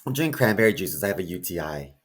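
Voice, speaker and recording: A man's voice: low voice, sing-song, racing, husky. A man co-hosting a podcast in casual chat, throwing in crude jokes and wisecracks. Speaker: podcast co-host.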